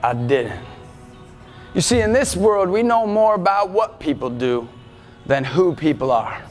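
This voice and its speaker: A male motivational speaker giving an energetic talk to students, often shouting to rally them. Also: sits high, normal speed. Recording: reverberant hall, faint music behind.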